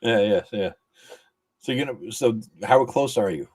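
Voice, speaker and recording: A man hosts a loose podcast conversation, blunt and enthusiastic. He swears offhandedly and reacts with quick approval to his guest. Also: lowish voice, darkish tone, husky. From United States. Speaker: podcast host. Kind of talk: casual podcast chat.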